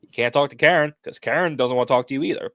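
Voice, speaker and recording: A man's voice: medium pitch, very fast, a bit bright, no room sound. A man co-hosting a casual podcast chat who analyzes scenes and tries to keep the talk on track. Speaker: podcast co-host.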